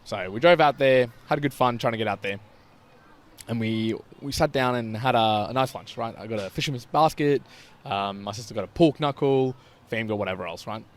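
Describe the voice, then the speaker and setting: A man talks quickly on a podcast, his voice sitting at an ordinary middle pitch. He rambles through stories and teases his co-host in easy, casual chat. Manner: chatty storyteller, quick to tease back.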